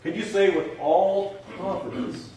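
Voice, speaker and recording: A male pastor delivers a sermon in a fairly high voice. He is emphatic and repeats phrases as he builds to a fervent call. He is heard from some distance in a strongly echoing church hall. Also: measured pace, mellow, a little hiss or hum. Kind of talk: sermon and closing prayer. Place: church sanctuary. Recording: very echoey church hall, voice from afar.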